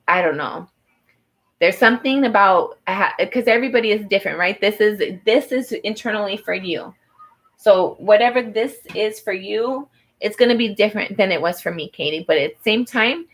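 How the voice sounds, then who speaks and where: A woman with a medium-pitched, slightly bright voice gives a personal tarot reading over a rough recording. She talks directly to the viewer with earnest encouragement, stumbling through many fillers and restarts.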